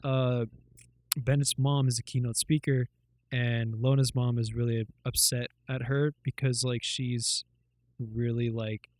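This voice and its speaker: A man's voice: mid-range voice, level tone, a little slow, darkish tone, no echo. A man co-hosting a podcast, retelling things in a loose, rambling way with lots of fillers and swearing. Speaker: podcast co-host. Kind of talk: casual chat.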